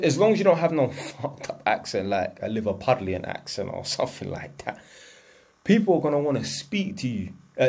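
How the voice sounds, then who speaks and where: A man's voice: mid-range voice, darkish tone, husky. A man, delivering a blunt, profane, lecturing rant to camera as a vlogger. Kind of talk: unscripted ranting monologue.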